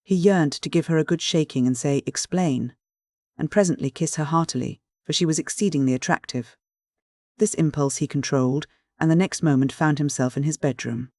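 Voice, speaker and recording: Steady male audiobook narrator, dry sound. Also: on the high side, a little fast, dry recording. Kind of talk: scripted literary narration.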